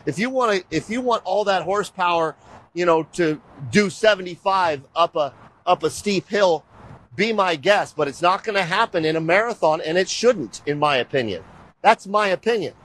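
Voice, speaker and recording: In a casual walking-tour segment, a middle-aged man hosting a show speaks with animated energy and rambles, often addressing viewers as "you guys." He talks at normal speed in a high voice, and the recording quality is low.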